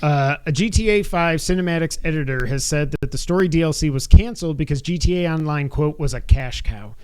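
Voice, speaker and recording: A man co-hosting a casual gaming podcast. His voice sits a little on the high side, and he runs through news items, then tacks on wry, opinionated remarks. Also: quick pace, clear, resonant tone. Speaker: podcast co-host.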